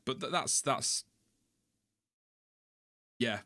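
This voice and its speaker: A man's voice: mid-range voice, extremely slow, sharp tone. A man hosting a casual live stream, chatting loosely and reading out viewer comments with small laughs. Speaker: livestream host.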